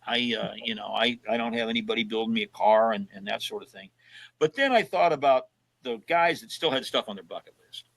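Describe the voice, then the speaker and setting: A podcast guest in his seventies tells road trip stories in a casual chat, animatedly acting out the voices of the people he quotes. His voice is medium-pitched, fairly quick and gravelly, captured in a low-quality recording.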